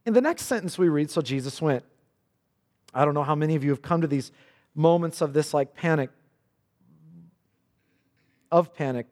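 A man preaching a sermon with passion, sometimes dropping suddenly to a quiet, low voice. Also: long reverb tail. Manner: impassioned, with sharp drops to quiet. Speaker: pastor.

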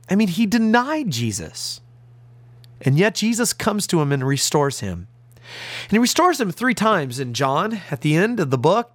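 A man's voice: high voice, sing-song, normal speed, a bit bright, dry recording. A man as a pastor preaching a radio sermon, earnest and emphatic, leaning on key words. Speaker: pastor and radio Bible teacher.

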